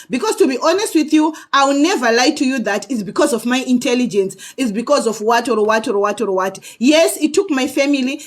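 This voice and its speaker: A woman with a high-pitched voice speaks earnestly to camera. She shares her own story as a vlogger and keeps checking in with her viewers. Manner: earnest, often adds "okay?" to check in with viewers. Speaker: vlogger sharing personal experience. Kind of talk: personal testimony to camera.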